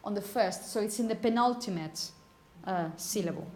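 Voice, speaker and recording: A woman teaching phonetics to a class, repeating example words slowly and checking understanding with frequent "okay?". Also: mid-range voice, darkish tone, slight background noise. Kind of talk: classroom lecture.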